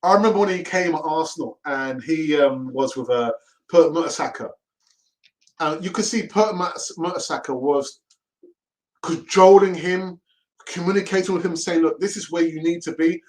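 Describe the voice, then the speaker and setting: Brief: middle-aged man, fan-channel host, loose and chatty, a little higher-pitched than most men, laughs easily. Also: normal speed, low-quality recording. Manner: chatty and laughing, often repeats himself. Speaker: host of a fan live stream. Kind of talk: casual live-stream chat.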